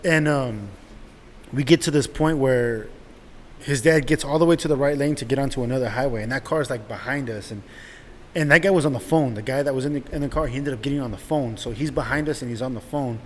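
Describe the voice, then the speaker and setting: Young dude ranting a story, swears a lot, kinda echoey room with some hiss. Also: male voice, medium pitch, fast. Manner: animated, profane, laughing storyteller. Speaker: podcast host. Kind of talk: casual storytelling. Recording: echoey room with faint noise.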